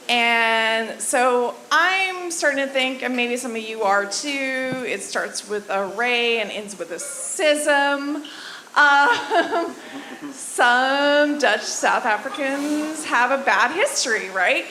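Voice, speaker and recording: Bright-voiced woman doing stand-up. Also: a little high, slow. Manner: chatty, conversational storytelling with crowd work. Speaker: stand-up comic. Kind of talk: stand-up comedy set. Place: comedy club in Hawaii. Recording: echoey club room with faint noise.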